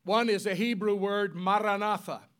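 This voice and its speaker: A man with a high voice preaches a sermon to his congregation. He spells out key words slowly and has the people repeat them back to him. His delivery climbs to loud, emphatic peaks and then sinks to hushed, solemn tones. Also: fairly even intonation, clean tone.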